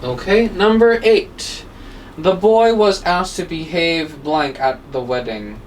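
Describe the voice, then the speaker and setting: A woman teaching English grammar online, unhurried and patient, checking in with her students often. Her voice sits a little back from the microphone. A faint noise runs underneath. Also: lowish voice. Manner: patient, explaining step by step, asks rhetorical questions. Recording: distant mic with faint background noise.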